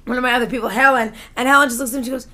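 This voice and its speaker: A woman convention organizer in a casual group chat, an animated storyteller who laughs often and acts out the people she quotes. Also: a little high, rapid-fire. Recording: loud crowd noise behind.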